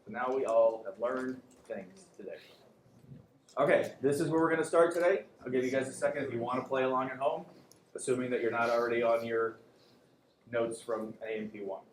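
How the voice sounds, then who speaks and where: Brisk and mid-range, a man teaches an anatomy class in a relaxed lecture, cracking jokes and putting questions to students. He's an anatomy and physiology instructor, heard in an echoey classroom with a faint hum.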